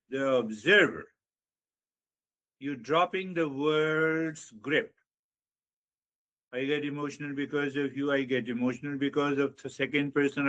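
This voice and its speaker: A man giving a slow, reflective spiritual teaching talk, guiding listeners inward with measured repetition. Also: medium pitch, fairly bright tone.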